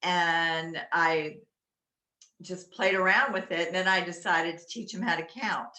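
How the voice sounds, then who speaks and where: A woman talking casually and loudly about dog games, with many fillers, recorded in an echoey room at home. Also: on the low side, steady tone, a little slow. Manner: loud, chatty, with many fillers. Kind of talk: casual how-to talk. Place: inside a home.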